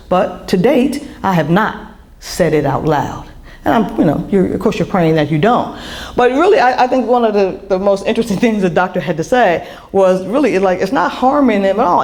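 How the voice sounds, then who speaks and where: A middle-aged woman speaks to an audience as an author sharing her own story. She talks candidly, circling back with restarts and little fillers, in a voice of ordinary pitch for a woman. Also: a little mellow. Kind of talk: personal talk to an audience.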